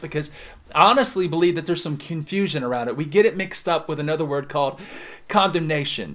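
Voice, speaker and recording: A man preaching a sermon in a fairly high voice. He leans hard into some words and lets others drop quiet and slow. He keeps turning back to the listener. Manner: dynamic preaching, swings between loud emphasis and soft drawn-out words. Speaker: pastor.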